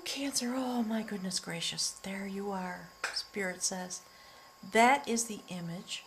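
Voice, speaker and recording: A middle-aged woman gives a heartfelt spiritual tarot reading at an unhurried pace, lingering on her words and sometimes softening to a near whisper. Her voice sits at an average pitch for a woman. Faint cricket sounds hum behind her. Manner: earnest and emotional, often choked up, breaking into soft laughs; slow, drawn-out delivery with soft near-whispered words. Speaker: tarot reader.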